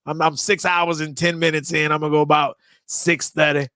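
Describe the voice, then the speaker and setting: A tired man from the US West Coast hosting a late-night live stream, talking loudly in profane, rambling banter. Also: on the high side, level tone, brisk, dry recording, studio quality.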